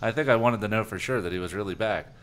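A man's voice: on the low side, fast, fairly bright tone, a little hiss or hum. A man co-hosting a podcast, reading a book aloud in a jokey, matter-of-fact way. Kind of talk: casual read-aloud.

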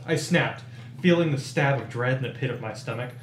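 A man, a guest on a podcast, reading a children's horror book aloud and overacting the shouted dialogue. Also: mid-range voice, moderate pace, slight background noise. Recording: echoey room.

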